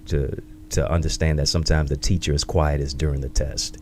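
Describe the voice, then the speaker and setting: A man in his thirties, an author and speaker, telling his life story in an interview in a reflective, measured way, with catchy sayings. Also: rumbling low, little pitch movement, a little mellow, slight background noise.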